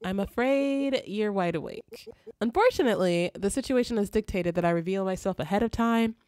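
Kadın seslendiriyor ağırbaşlı erkek ruh rehberi. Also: female voice, medium pitch, expressive, a little mellow, no echo, studio quality, natural voice. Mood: solemn. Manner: slow, formal, measured. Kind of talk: reading game dialogue aloud.

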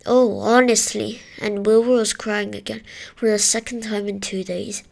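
A woman reading a children's book aloud in a steady storytelling way, with the odd small slip. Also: mid-range voice, moderate pace, gravelly. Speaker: storybook reader.

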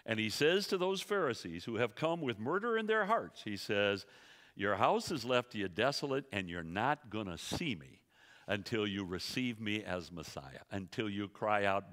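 A man teaching a sermon to a church audience, emphatic and quick, asking the room rhetorical questions. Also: fairly low pitch, fairly bright tone, long reverb tail. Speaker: Bible teacher. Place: church sanctuary.

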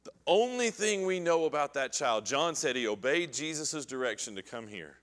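Bright-voiced man teaching a Bible class. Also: on the high side, moderate pace, in a large hall. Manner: animated, acts out scripture quotes and questions the class.

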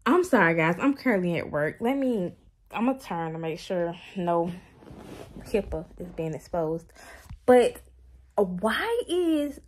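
A woman chats to her viewers about a book she is reading, and her voice swings up and down with lively pitch. She talks straight to the camera in exclaiming bursts, recorded on a phone. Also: measured pace. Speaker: book vlogger. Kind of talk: casual reading vlog chat.

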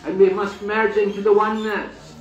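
A man with a fairly high voice tells a sacred story as a sermon, unhurried and full of restarts. He acts out the quotes as he goes. The recording is echoey and he sounds set back from the mic. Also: level tone, distant mic, dull audio. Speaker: swami giving a talk at a holy site.

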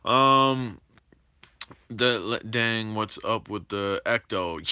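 A man's voice: medium pitch, slow. A young man hosting a drone livestream, chatting casually with viewers in a hyper, slangy way. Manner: hyper, animated, slangy, talks to chat.

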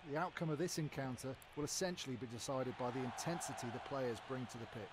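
A man doing measured rugby analysis. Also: mid-range voice, noisy background, lightly acted. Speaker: co-commentator in a video game. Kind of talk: sports analysis commentary.

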